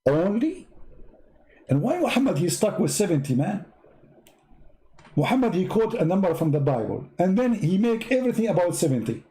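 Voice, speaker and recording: Brief: a mocking male commentator with a soft, mellow voice and broken English. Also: high voice, sing-song, moderate pace, pauses often. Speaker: online religious debater. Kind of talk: sarcastic commentary.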